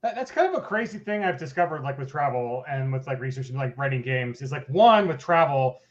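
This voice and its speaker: A man's voice: medium pitch, expressive, a little fast. A man from Colorado hosting a casual chat interview, rambling and joking, with lots of fillers and restarts. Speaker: host. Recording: dull, lo-fi audio.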